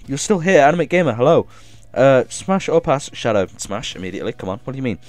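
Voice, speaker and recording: A man streaming a game live, reading chat aloud and thanking viewers with excitable energy, coughing now and then as if ill. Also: mid-range voice, fairly quick, dry recording.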